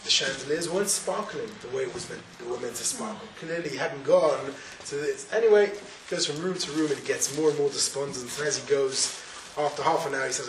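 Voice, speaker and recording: A man's voice: medium pitch, a little fast. Man giving an echoey sermon from far off. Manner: storytelling, acts out dialogue, with Hebrew and Yiddish terms. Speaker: Torah teacher. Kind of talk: sermon with a told parable. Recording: echoey room from far off, audible noise.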